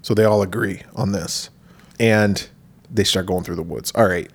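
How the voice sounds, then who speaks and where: A man co-hosting a podcast, retelling a horror movie in a rambling, animated, casual way and swearing freely. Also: on the low side, normal speed. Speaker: podcast co-host. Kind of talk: casual movie-recap chat.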